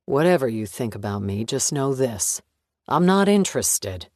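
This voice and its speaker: A man voicing a forty-something retired FBI agent, speaking slow, low and sardonic. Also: big pitch swings, darkish tone, no room sound, studio quality, lightly acted. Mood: guarded.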